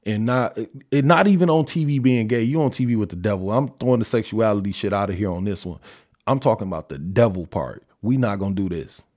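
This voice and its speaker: Speaking a little fast in a somewhat low, slightly mellow voice, a man who hosts a podcast rants alone. He's an adult father, and his solo opinion monologue is blunt, heavily profane and riddled with rhetorical questions.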